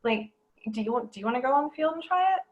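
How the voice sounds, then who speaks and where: A woman speaking as a guest in a casual podcast conversation, bubbly and quick to laugh. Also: high voice, animated, muffled recording.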